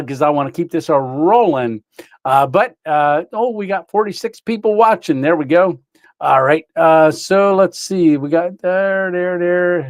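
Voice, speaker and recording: A man's voice: a little high, dry recording. A man hosting a casual livestream, rambling through a story with lots of fillers and chuckles while greeting viewers. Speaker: livestream host.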